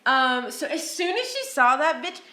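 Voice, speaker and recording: A bright-voiced young woman tells a story with blunt, swear-filled candor, pitched a little high. Her voice rings in an echoey room as she chats on a podcast. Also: moderate pace. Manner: blunt, profane, animated storytelling. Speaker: podcast co-host. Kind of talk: casual storytelling chat.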